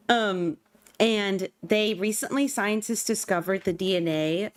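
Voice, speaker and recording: A woman's voice: medium pitch, unhurried, no echo. A young woman from California chatting casually on a game livestream, bubbly and talkative. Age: young adult. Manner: bubbly, chatty, breaks into squeals and gasps. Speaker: streamer. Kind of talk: casual livestream chat while gaming.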